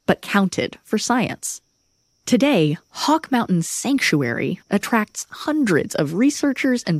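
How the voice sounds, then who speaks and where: A woman narrating a short scripted radio piece in a measured, even way. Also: mid-range voice, no echo.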